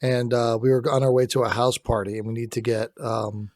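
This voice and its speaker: A young man from North Jersey trades jokes as a podcast co-host. He tells anecdotes with animated emphasis, at an average pitch. The sound is dry and close to the mic. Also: a little fast, no echo. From North Jersey, USA. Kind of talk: casual chat.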